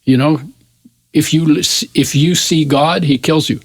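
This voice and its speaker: An interview guest in his eighties tells a personal story with animation, often restarting his phrases. His voice is a little high and unhurried, with no echo.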